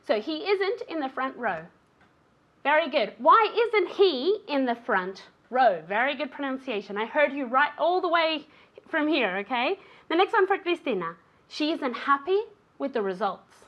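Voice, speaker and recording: A woman's voice: high-pitched, sing-song, normal speed, highs cut off. A woman teaching an English lesson on a show, encouraging a student and the viewers at home, often checking in with "okay?". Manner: encouraging, ends phrases with "okay?".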